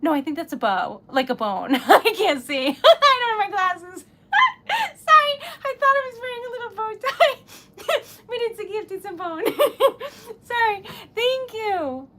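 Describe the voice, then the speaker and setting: A woman's voice: very high-pitched, big pitch swings, measured pace, fairly bright tone. A woman livestreaming who is tearful and giggly, flustered and stammering, laughing through tears as she gushes her thanks. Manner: breathless gushing thanks. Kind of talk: casual livestream chat.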